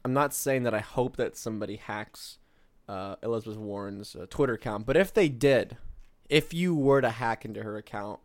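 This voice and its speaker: A man co-hosts a podcast of casual political chat, rambling with lots of fillers. His medium-pitched voice moves at normal speed in a dry recording.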